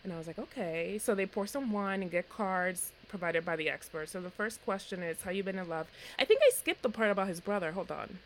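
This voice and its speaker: A woman's voice: mid-range voice, a little fast, few pauses, slight background noise, rough recording. A woman co-hosting a podcast, recapping a reality show in casual chat and acting out the quotes. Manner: animated storytelling, acts out quotes.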